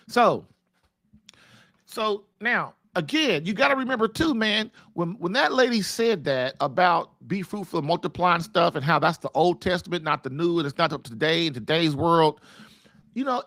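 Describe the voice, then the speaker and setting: A man's voice: high voice, no room sound, studio quality. A man hosting a podcast, talking earnestly in a loose, preaching-style manner and addressing listeners directly. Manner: animated, earnest, conversational with "man" and "you know". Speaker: podcast host. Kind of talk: preaching-style casual talk.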